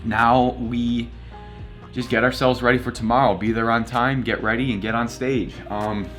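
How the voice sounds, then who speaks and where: A man's voice: mid-range voice, level tone, moderate pace, a bit bright, faint music behind. A young man vlogging, casually telling a story and acting out both sides of the conversations.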